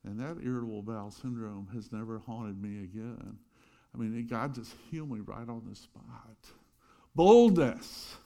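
Male pastor, middle-aged, sermon, animated storytelling, loud bursts then soft asides. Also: fairly low pitch, moderate pace, gravelly.

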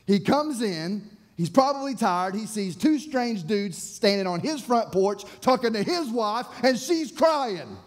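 A young man preaching from the pulpit, his voice sitting a little high for a man. He tells a story with bursts of excitement, stumbling over his words and circling back as he goes. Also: measured pace, few pauses. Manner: animated, excitable storyteller with many restarts. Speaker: youth pastor, evangelist. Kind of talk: sermon storytelling.

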